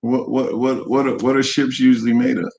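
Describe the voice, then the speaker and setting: A woman's voice: rumbling low, little pitch movement, a little fast, creaky, darkish tone. A woman co-hosting a casual live chat, throwing in dry teasing quips. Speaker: co-host. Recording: audible background noise.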